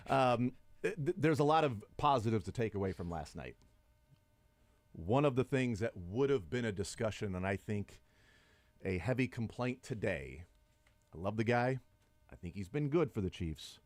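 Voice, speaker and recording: A middle-aged man hosts sports talk radio, conversational and argumentative as he builds long points. His lowish voice is animated at normal speed, with no echo.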